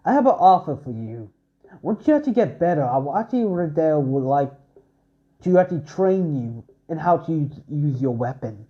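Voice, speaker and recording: A man voicing a serious, muscular swordsman who acts as a gruff mentor. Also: a little high, big pitch swings, normal speed, dull audio.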